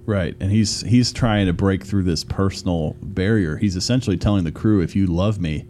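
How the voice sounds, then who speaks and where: Radio co-host, low mellow voice, casual explainer, faint hiss behind. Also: male voice, normal speed. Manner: explains the book's ideas in plain everyday terms. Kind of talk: casual discussion.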